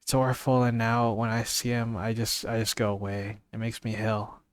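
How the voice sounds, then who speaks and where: A blunt young manservant and former soldier, rattled and rambling as he tells his tale, voiced by a man reading aloud. The voice sits low and stays flat and even, close and dry with no room sound. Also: moderate pace, clear, resonant tone, dry recording, close to an everyday voice. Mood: shaken. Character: young male servant, ex-soldier, frightened but blunt.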